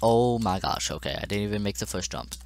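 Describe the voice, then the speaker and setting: A man's voice: on the low side, expressive, a little fast, vocal fry, slight background noise. A young man commenting on his own gameplay, exclaiming and getting frustrated as he talks to the game. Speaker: gaming channel host. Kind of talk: let's play commentary.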